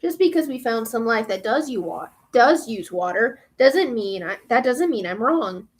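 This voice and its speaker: A woman's voice: a little high, very animated, normal speed. A woman reading aloud the lines of a blunt, combative male scientist, defensive and snappy.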